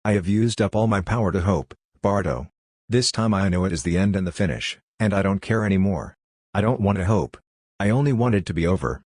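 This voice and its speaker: A man reading aloud as a grieving condemned prisoner who has given up hope, with a deep voice. The sound is dry and close-miked. The reading is plain, as in a spoken novel. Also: a little fast, darkish tone, husky, dry recording. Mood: hopeless. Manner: grieving, hopeless. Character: despairing condemned man, worn out by grief.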